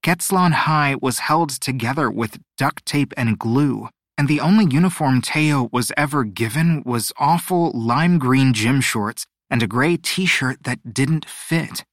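A man narrating a storybook audiobook, expressive and measured. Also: medium pitch, no echo, studio quality. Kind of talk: scripted narration.

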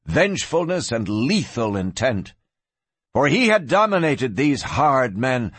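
Husky-voiced male audiobook narrator. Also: mid-range voice, dry recording. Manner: dramatic, expressive storytelling. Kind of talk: scripted western audiobook narration.

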